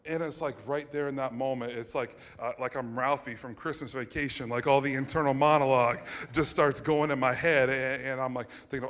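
A man in his thirties from the United States, telling a personal childhood story to an audience in an animated way with many fillers and restarts. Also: mid-range voice, brisk. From United States (Ohio). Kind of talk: personal anecdote told to an audience.

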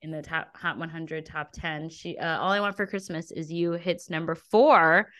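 A woman's voice: low-pitched, fairly even intonation, moderate pace, fairly bright tone. A young woman co-hosting a podcast, chatting casually and giggling, with lots of filler words. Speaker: podcast co-host. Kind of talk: casual chat.

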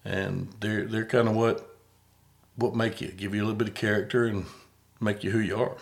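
A man's voice: fairly low pitch, flat delivery, moderate pace, vocal fry. A middle-aged man, hosting a podcast in a folksy, rambling, self-deprecating way. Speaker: podcast host. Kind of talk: casual interview chat.

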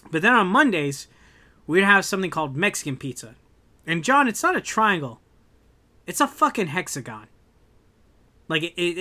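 A young man talks in a casual podcast chat with a bright, forceful voice that sits a little high. He rants with animated energy and swears freely. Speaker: podcast co-host.

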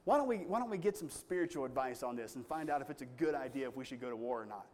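A man's voice: mid-range voice, expressive, fast talker, darkish tone, lightly acted. A man preacher voicing a hesitant, distrustful ancient king who hedges as he speaks. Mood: uneasy. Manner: hesitant, hedging with fillers.

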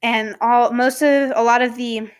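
A woman hosts a casual talk about faith, speaking at an unhurried, drawn-out pace. She rambles, stops to correct herself and drifts into asides. Now and then her voice sinks to a soft whisper on a key word. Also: a little high, steady tone, clear, resonant tone. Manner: sometimes drops to a soft whisper for emphasis. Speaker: podcast host.

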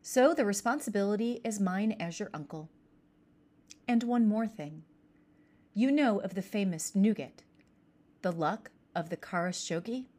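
A woman's voice: mid-range voice, lively intonation, a little slow, pauses often, dark tone. A woman voicing a persuasive, scheming middle-aged uncle in a storybook reading, coaxing and insistent.

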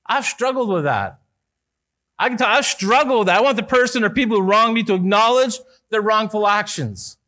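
A male pastor delivering a sermon in an earnest manner, rising for emphasis and dropping low and soft at key words. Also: normal speed. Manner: earnest, rises and falls with emphasis, some restarts.

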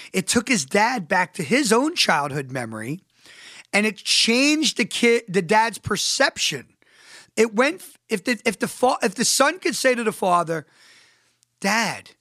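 A man with a fairly high voice hosts a solo podcast monologue. The sound is dry with no room around it. He drives his points home to his listeners and keeps asking them rhetorical questions as he tells stories. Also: bright, forceful tone, no echo. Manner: emphatic, addresses listeners directly. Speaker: podcast host.

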